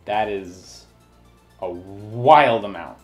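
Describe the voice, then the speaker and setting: A man giving casual game review commentary, sarcastic and exasperated, breaking into animated rants. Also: fairly low pitch, drawn-out words, dull audio, faint music behind.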